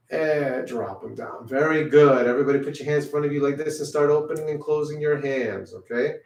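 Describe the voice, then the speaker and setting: Encouraging male music teacher, roomy distant sound. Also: mid-range voice. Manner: encouraging, repeats "okay?" often. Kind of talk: children's music class warm-up. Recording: roomy sound from away from the mic.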